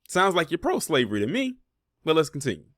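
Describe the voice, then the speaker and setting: A man's voice: on the high side, wildly swooping pitch, fast, a bit bright. Sarcastic man reacting to a clip. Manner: conversational, pointed and sarcastic, with frequent fillers. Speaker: commentary video host. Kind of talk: casual reaction commentary.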